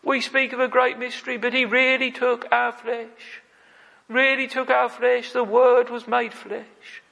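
A man's voice: very high voice, level tone, a little slow, gravelly, pushed and bright. A man preaching a fervent sermon, repeating phrases and calling out "oh, friends". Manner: fervent, repetitive, frequent "oh, friends". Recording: long hall reverb.

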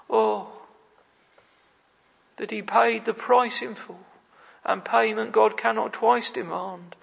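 A man's voice: high voice, fairly even intonation, takes it slowly, creaky, long pauses, fairly bright tone, slightly rough. A man preaching a fervent sermon, repeating phrases and calling out "oh, friends". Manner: fervent, repetitive, frequent "oh, friends". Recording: long hall reverb.

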